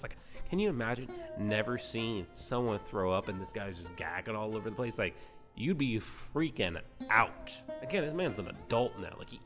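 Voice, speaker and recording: A man telling a story comedically, in a rambling, profane, slangy way that is full of "right?". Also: fairly low pitch. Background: guitar music.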